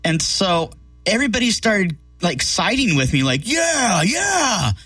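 A man's voice: sits high, big pitch swings, normal speed, bright, forceful tone, no room sound. Brief: man, rambling anecdote teller, lots of fillers, loose and profane; dry distant mic, faint music under. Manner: rambling, heavy on fillers, swears freely. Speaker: guest telling a story. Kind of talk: casual storytelling chat.

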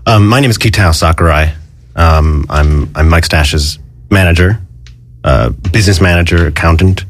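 Stammering deep-voiced man. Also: normal speed, slight background noise. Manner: hesitant, stammering, polite. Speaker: guest's manager. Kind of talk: comedic interview.

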